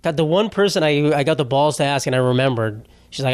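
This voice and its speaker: A man's voice: on the high side, animated, fast, clean tone, no echo. A man hosting a solo comedy podcast, telling rambling, profane, self-mocking stories in casual talk. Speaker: podcast host. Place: home setup.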